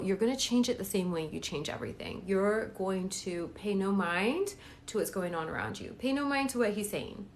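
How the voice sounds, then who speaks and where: This is a woman talking straight to her viewers on a phone live stream at home, in a chatty, encouraging coaching manner. Her pitch sits in an ordinary middle range, and a faint hum of room noise runs underneath. She keeps checking in with her audience as she goes. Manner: chatty, encouraging, repeats "okay?" and "right?". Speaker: manifestation coach. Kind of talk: casual live-stream talk.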